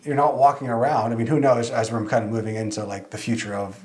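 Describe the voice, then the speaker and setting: A man's voice: mid-range voice, level tone, fast, darkish tone. A man co-hosting a casual podcast, explaining at length and often saying "like". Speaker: podcast co-host.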